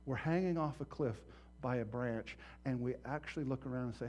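A man preaching a sermon as pastor, impassioned and swinging from hushed to loud, acting out voices in his stories. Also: medium pitch, brisk, slight background noise.

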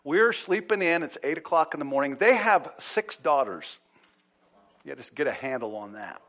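A man preaching as a pastor, telling a story with lively acted-out quotes and swings between loud and hushed delivery. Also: fairly high pitch, normal speed. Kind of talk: sermon storytelling.

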